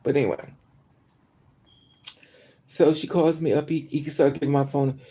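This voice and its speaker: A woman chatting on a livestream, telling a story in an animated way with sudden outbursts. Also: low-pitched, normal speed, breathy edge. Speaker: livestream host. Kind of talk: casual storytelling.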